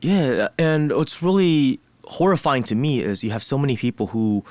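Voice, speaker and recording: A man's voice: mid-range voice, moderate pace, darkish tone, no room sound. Male interview host, casual chat, mid voice, dry recording. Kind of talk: conversational interview.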